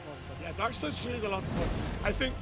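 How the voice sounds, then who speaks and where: A man livestreaming a game, reading chat and bursting into shouted greetings between casual muttering. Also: high voice, sing-song, fast, loud music behind the voice. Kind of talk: excited live-stream chat.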